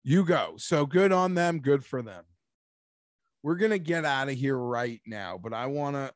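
A man hosting a casual sports talk show, animated and rambling, talking like an emphatic fan. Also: mid-range voice, a little slow, dry recording. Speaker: sports podcast host.

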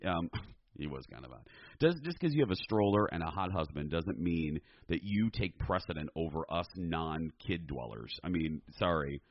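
Low-voiced guy, sassy campy podcast chat, dry dull-ish mic. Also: normal speed, dry recording. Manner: animated, campy, sassy asides. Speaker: podcast co-host. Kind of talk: casual chat.

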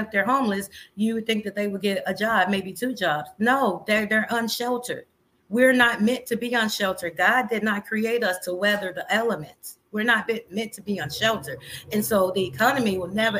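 A woman's voice: mid-range voice, fairly bright tone, low-quality recording. A woman hosting a casual live stream, talking in an impassioned way, repeating phrases and firing off rhetorical questions. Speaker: activist host of a live stream.

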